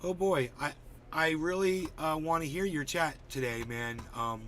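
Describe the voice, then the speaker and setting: A man's voice: a little high, unhurried, a bit bright, slight background noise. A man hosting a casual livestream, chatty and a bit distracted as he greets viewers by name while fixing his settings. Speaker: livestream host.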